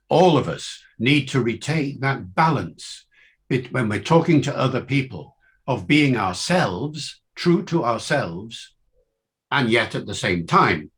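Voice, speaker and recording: An older man from Wales, a linguist giving an academic lecture in measured, emphatic phrases with rhetorical questions. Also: fairly low pitch, a bit bright.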